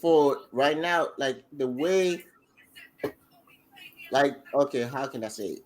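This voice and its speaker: A man co-hosting a podcast, telling the story in an excitable, slangy way, full of restarts. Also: mid-range voice, slow, slight background noise, rough recording. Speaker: podcast co-host. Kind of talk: casual chat recapping a battle rap event.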